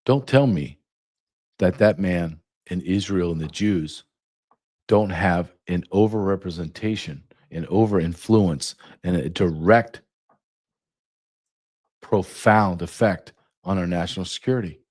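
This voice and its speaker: A man's voice: low voice, unhurried, a little mellow. A man hosting his own podcast, delivering a combative, sarcastic political rant. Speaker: podcast host.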